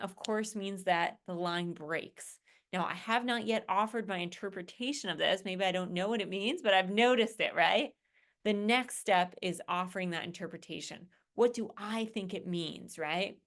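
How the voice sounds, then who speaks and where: A woman's voice: fairly low pitch, a bit bright. Woman teacher, checks in with "right?". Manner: conversational, keeps checking in with "right?" and "okay?". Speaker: college English instructor. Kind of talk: recorded lecture explaining an assignment.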